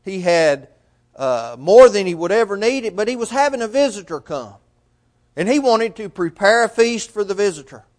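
Preacher, male, high tenor register; sermon delivery heavy on rhetorical questions, loud-to-soft swings. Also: big pitch swings, normal speed.

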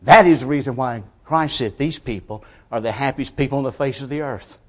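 A male preacher in the middle of a sermon, speaking in a mid-range voice. He leans on rhetorical questions and moves between soft, measured lines and forceful, emphatic pushes. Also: medium pitch.

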